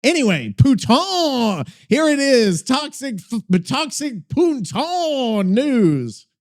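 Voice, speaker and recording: Excitable male podcast host; high, bouncy delivery, loose and profane, soft music underneath. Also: slow pace. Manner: excitable, profane, thinks out loud. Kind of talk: casual rambling chat.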